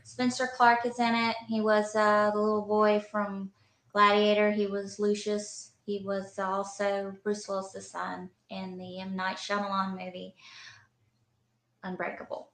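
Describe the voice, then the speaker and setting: A woman's voice: mid-range voice, completely flat delivery, unhurried, a bit bright, echoey room. A woman giving a casual movie review to camera, rambling through the actors with dry, offhand asides. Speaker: movie reviewer in an old video.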